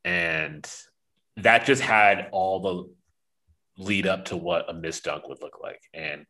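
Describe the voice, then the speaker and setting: Deep-voiced, bright-toned enthusiastic guy. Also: slow. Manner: enthusiastic, rambling, laughs a lot. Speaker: podcast co-host. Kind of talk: casual sports chat.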